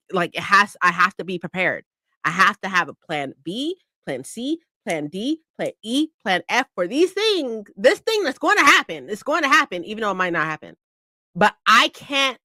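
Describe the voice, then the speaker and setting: A woman's voice: medium pitch, sharp tone, dry recording, clean studio sound. Chatty woman streaming live. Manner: chatty, repeats herself, swears freely. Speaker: book streamer. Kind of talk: casual live-stream chat.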